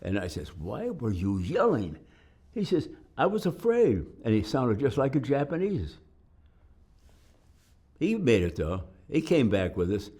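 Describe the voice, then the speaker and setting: An older man with a lowish voice recounts his wartime memories in an interview. He tells the stories vividly, jumping into the voices of the people in them and into the sounds of gunfire. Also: very animated, a little slow, pauses often, dark tone, husky. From Detroit, United States. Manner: vivid storytelling, acting out voices and gunshots. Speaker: war veteran interviewee. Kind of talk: oral history interview.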